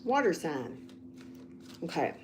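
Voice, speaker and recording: A woman reading tarot cards on a casual livestream, rambling and getting loud when she's excited. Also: low-pitched, slow, background noise. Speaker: tarot reader.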